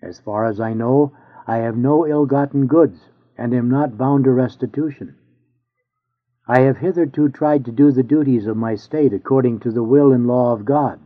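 Male reader, earnest measured sermon delivery, mid-range voice, phone-thin audio. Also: medium pitch. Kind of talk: reading an old sermon aloud. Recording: tinny phone-like sound.

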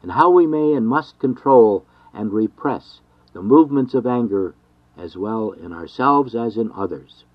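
A man reading an old devotional text aloud in a measured, formal way. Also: fairly low pitch, lively intonation, no echo. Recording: dry, dull lo-fi recording.

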